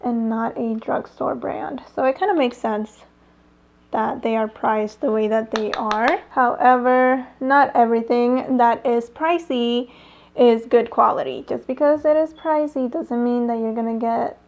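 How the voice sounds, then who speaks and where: A woman's voice: a little high, unhurried, vocal fry, darkish tone. A woman talking through a casual makeup tutorial at home, chatty, with lots of fillers and little laughs. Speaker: beauty vlogger. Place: home, airplanes passing nearby.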